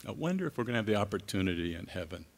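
A man preaching a sermon as a guest speaker, earnest and halting, with frequent restarts. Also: fairly low pitch, sing-song. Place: church. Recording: long reverb of a large hall.

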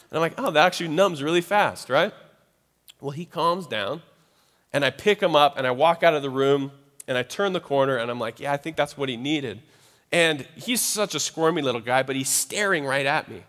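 A young man, a pastor, telling a lively family story in a sermon and closing in prayer. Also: fairly high pitch, big-room sound. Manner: animated storytelling, then soft prayer.

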